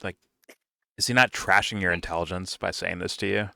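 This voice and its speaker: Low mocking male reaction streamer. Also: brisk, vocal fry, pushed and bright, no room sound. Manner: profane, mocking, talks to his audience. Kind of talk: casual reaction commentary.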